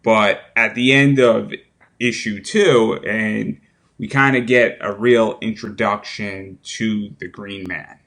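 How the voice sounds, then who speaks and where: A man's voice: lowish voice, steady tone, takes it slowly, fairly bright tone. A man hosting a casual interview about a comic, rambling and thinking aloud with restarts. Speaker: podcast host.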